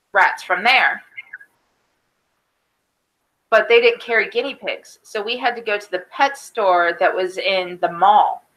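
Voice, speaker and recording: A woman in her thirties telling a personal story on a casual podcast, lively and full of voiced quotes. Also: mid-range voice, rough recording. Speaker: podcast co-host.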